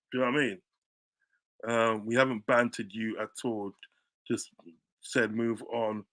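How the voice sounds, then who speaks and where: A man streaming live as a football fan, ranting in a heated, combative way, repeating phrases and swinging into loud shouts. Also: fairly low pitch.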